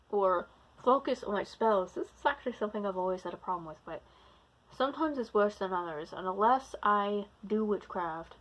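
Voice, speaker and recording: A woman's voice: medium pitch, low-quality recording. Rambling woman, mock British accent. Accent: slipping into a put-on British-like accent. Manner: rambling, loses her train of thought, trails off and restarts. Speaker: vlogger, practicing witch and druid. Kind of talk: casual talking-to-camera vlog. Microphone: camera recording herself.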